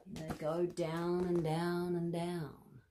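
A woman reading a bedtime story to children, animated and asking the listener questions. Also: fairly low pitch, very slow, a little hiss or hum.

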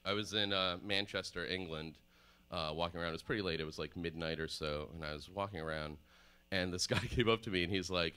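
A man in his thirties, from the former Soviet Union, doing deadpan, rambling stand-up comedy on stage at a live show. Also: low voice, brisk, clean tone. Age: 30s. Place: live performance space on stage.

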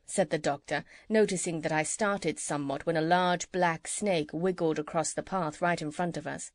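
A woman narrating a children's audiobook in a calm, measured storytelling manner. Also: low voice, no room sound. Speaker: audiobook reader.

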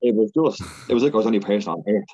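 A man telling stories as a podcast guest in casual, rambling, excitable chat with lots of filler and repeats. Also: on the low side, very fast, a little hiss or hum. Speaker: podcast guest, Ironman athlete. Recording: dull lo-fi podcast audio.

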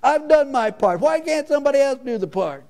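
A man voicing a grumbling, self-pitying male fisherman who whines in a high voice about being tired. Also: expressive, a little fast, darkish tone, in a large hall. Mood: whining. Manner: high whining complaint.

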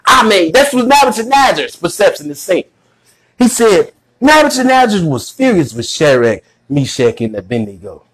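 A man preaching a sermon, shouting for emphasis and retelling scripture in casual slang. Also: high-pitched, low-quality recording. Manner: animated, shouting emphasis, drawn-out phrases.

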